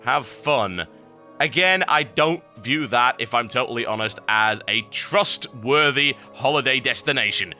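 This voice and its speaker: Male show host, emphatic and ranting, with a very bright, sharp tone and faint music underneath. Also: mid-range voice, unhurried. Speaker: host of a gaming news show. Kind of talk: commentary on reader submissions.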